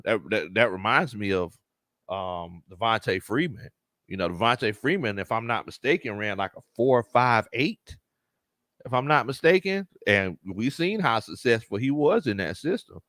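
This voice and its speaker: Man, sports stream host, animated delivery, dry close mic. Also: on the low side, moderate pace, dry recording. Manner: laughs often, Southern slang, animated reactions. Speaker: sports show host and coach. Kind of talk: casual livestream chat reading comments.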